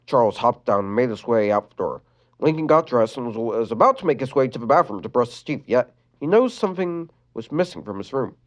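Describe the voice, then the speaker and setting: This reader moves fairly quickly through a sorrowful fan-made story. The performance is expressive and the pitch swoops about, though a few words stumble and get restarted.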